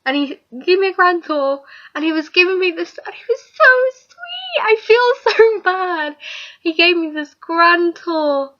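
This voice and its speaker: A woman's voice: extremely high pitch, lively intonation, measured pace. A young woman chatting casually to camera, rambling and giggling as she talks. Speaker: vlogger. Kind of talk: casual chat. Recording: dull lo-fi recording.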